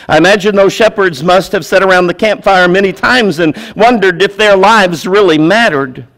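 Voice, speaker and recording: A man preaching a sermon as a pastor, his voice sitting a little higher than most men's. He drives points home by repeating phrases. He moves from loud, urgent pushes to quiet, low words. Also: normal speed, hardly any pauses.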